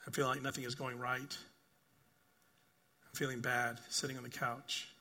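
Bright-voiced older male pastor preaching. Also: medium pitch, flat delivery, normal speed. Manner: earnest storytelling, repeats phrases, asks "right?"; rises to emphatic bursts, then drops soft and quiet. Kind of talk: sermon.

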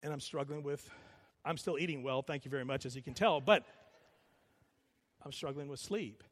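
Animated preacher man in a reverberant hall. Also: mid-range voice, moderate pace. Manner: animated storytelling preacher, repetitive emphasis. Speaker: pastor. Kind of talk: sermon.

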